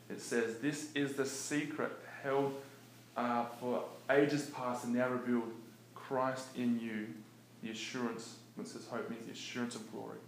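Animated preaching man in echoey room. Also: medium pitch. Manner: animated, conversational, laughs often. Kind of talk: casual teaching talk. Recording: echoey room with faint noise.

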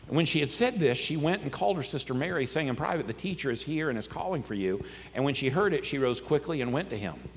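A man preaching a sermon in a conversational, animated way, reading scripture aloud and talking to his congregation. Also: a little high. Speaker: pastor. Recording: long reverb, faint ambience.

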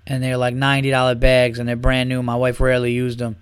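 A man's voice: medium pitch, monotone, quick pace, smooth, no echo, studio quality. A man hosting a podcast, ranting in a casual, comedic way, swearing often and mocking people with heat. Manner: profane, heated, mocking. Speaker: podcast host.

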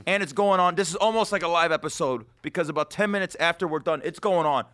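A man's voice: fairly high pitch, quick pace, sharp tone. Brash, profane man hosting a podcast. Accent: New York. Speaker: podcast host. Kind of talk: casual comedy podcast banter.

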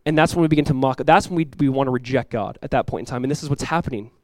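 A man preaching a sermon as pastor, emphatic, rising and swelling when he quotes scripture, with quick conversational asides. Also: mid-range voice, dry recording.

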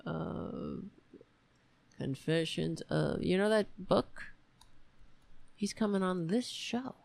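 A woman's voice: lowish voice, takes it slowly, gravelly, darkish tone, no room sound. A woman hosting her livestream from home, frustrated and rambling, with sighs and swearing. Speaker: show host. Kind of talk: casual livestream chat. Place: home room.

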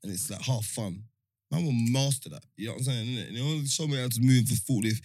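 A man's voice: medium pitch, fast, darkish tone, no room sound. Young man telling a story. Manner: slangy storyteller acting out dialogue. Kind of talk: casual podcast chat.

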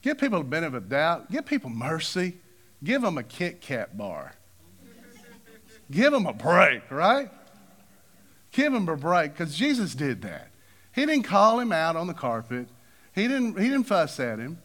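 A man's voice: measured pace, long pauses. A man preaching a sermon, acting out the people in his stories with big swings of voice. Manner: animated, acts out quoted figures with big pitch swings.

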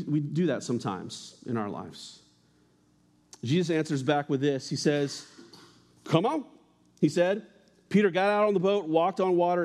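A young man preaches to a church congregation in a loose, conversational way. His voice sits a little high, and he slips in jokes and asides between the readings. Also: darkish tone. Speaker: pastor. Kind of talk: casual sermon.

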